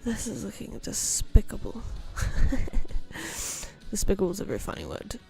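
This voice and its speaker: A woman's voice: mid-range voice, big pitch swings, a little slow, creaky, darkish tone, soft background music. A young woman streaming as she draws, chatting casually, thinking aloud and playfully repeating words. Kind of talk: casual livestream chat while drawing.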